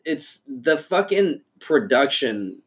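A man's voice: mid-range voice, takes it slowly. A man chatting casually on a podcast, telling stories and acting out friends' lines, swearing freely. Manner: profane, animated storytelling with quoted voices. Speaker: podcast host. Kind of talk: casual chat.

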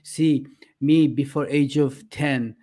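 A middle-aged man speaks in a podcast interview at a medium pitch. He talks earnestly but haltingly, and many "uh" fillers break up his sentences. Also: fairly even intonation, mellow. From Iran. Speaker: podcast guest. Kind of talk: casual interview talk.

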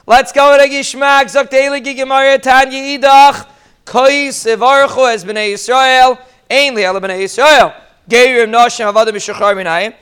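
A man's voice: extremely high pitch, smooth. A man giving a live Talmud class, joking the students and calling on them by name. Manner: lively, joking asides to students, mixes Hebrew and Aramaic. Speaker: Talmud teacher.

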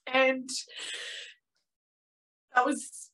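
A woman's voice: sits high, monotone, drawn-out words, bright, forceful tone, poor audio. A woman in her thirties as a podcast guest, telling a frank, emotional personal story with lots of fillers.

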